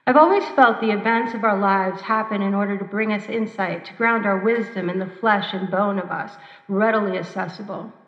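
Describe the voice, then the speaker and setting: A woman performing a personal story at an open mic, measured and reflective, with dramatic pauses. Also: medium pitch. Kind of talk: spoken-word personal storytelling. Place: church hall. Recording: roomy, dull church hall recording.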